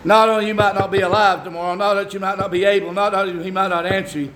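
An older Southern man preaching in a high-pitched, hollering voice, stretching his words and slipping into folksy asides. The sound is echoey, as if in a big room, with a faint hiss underneath. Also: flat delivery. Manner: shouting, drawn-out exhortation with folksy asides. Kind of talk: sermon.

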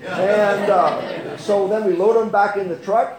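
An older man preaching from his own life, his voice set high for a man. He stops and restarts with plenty of fillers, then swells into fervent outbursts. The sound carries a roomy echo. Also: steady tone, unhurried, a crowd in the background. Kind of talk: testimony sermon.

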